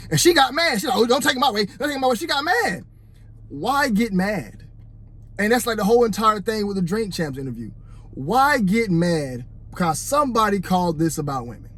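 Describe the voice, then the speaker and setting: Holding his phone close, a vlogger with a fairly high-pitched voice gives a casual yet preachy opinion monologue aimed at the "fellas" watching. He keeps circling back to his point with fillers, repeating "you know what I'm saying."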